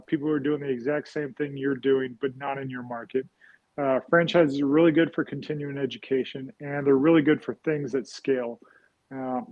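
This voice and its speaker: Here a guest real estate investor talks casually in an interview, his mid-range voice meandering through fillers and frequent "right?" tags. There's no echo, but the highs are cut off.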